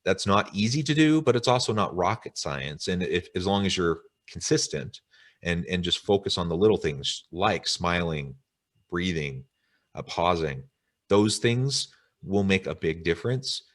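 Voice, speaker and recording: Male webinar host, very deep voice, thoughtful and long-winded, on a video call. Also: lively intonation, a little slow, a bit bright. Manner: reflective, wordy, with filler ums. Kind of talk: interview chat.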